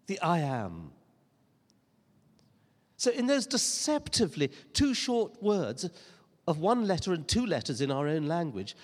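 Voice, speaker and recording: Male preacher, earnest and emphatic, lively intonation, long church reverb. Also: a little high. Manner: earnest, emphatic preaching with rhetorical questions and dry humor. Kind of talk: sermon.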